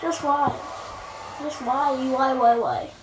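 High-pitched woman gamer, unhurried, silly and playful, echoey room, noisy background. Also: fairly even intonation. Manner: playful, silly rhymes, frustrated outbursts. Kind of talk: let's-play commentary.

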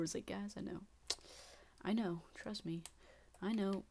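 A channel host talks casually over her own gameplay, muttering and half-whispering complaints to herself, then now and then bursting out in sharp, exasperated exclamations. Her medium-pitched voice is steady, unhurried, and creaky.

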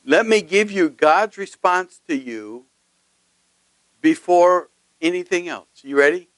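A man's voice: sits high, animated, slow pace, fairly bright tone, no room sound, poor audio. A male pastor preaching a sermon emphatically, often putting questions to his congregation.

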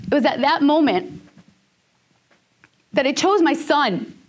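A woman's voice: sits high, lively intonation, slow pace. A woman giving a personal storytelling talk, emotional, sometimes dropping to a near whisper. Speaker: speaker.

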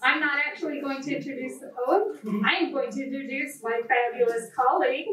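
A woman's voice: high voice, a little fast, a crowd in the background. A woman event organizer making playful, chatty announcements before a poetry reading. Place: lecture room at a reading. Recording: echoey hall, distant mic.

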